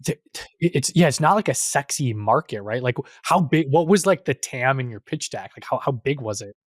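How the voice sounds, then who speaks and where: A man's voice: mid-range voice, expressive, a little fast, dry recording, clean studio sound. A man hosting a podcast, asking rambling questions and correcting himself mid-sentence. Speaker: podcast host. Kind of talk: casual podcast interviewing.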